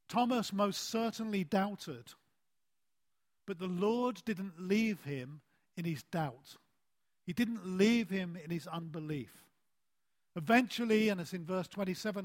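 A man delivers a sermon at an unhurried pace in a fairly high voice. He is deliberate and leans on key words, letting the ends of phrases fall quiet. When he tells a story, his voice climbs and becomes animated. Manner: deliberate, with emphatic phrase endings that fall soft. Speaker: preacher.

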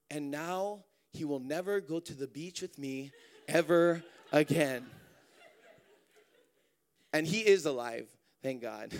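A man from Hawaii, preaching through a lively personal story with many fillers. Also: high voice, gravelly. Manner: animated, chatty, many fillers and restarts. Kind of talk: storytelling sermon.

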